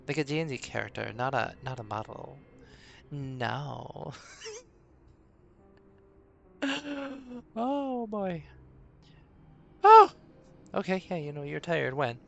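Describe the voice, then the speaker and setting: Man, live-stream dungeon master, unhurried gravelly voice, lively up-and-down pitch, rambling chatter. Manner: rambling, talks to himself between pauses.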